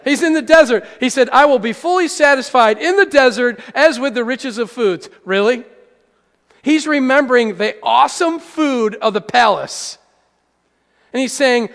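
A man preaching a sermon as pastor, swinging from hushed to loud and calling out to the congregation. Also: very high voice, expressive, normal speed, vocal fry. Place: church hall. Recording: echoey hall.

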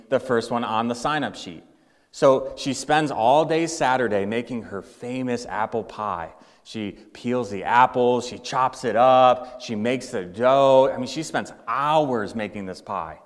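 Storytelling preacher man in an echoing hall. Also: medium pitch. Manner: conversational, acting out examples. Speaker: pastor. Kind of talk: sermon with storytelling.

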